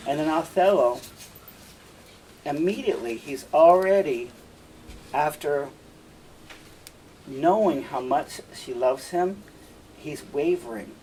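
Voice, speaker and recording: A man's voice: on the high side, expressive, slow pace, pauses often, mellow. Man casually explaining a play. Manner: casual, emphatic paraphrasing. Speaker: teacher. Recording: distant mic, faint room noise.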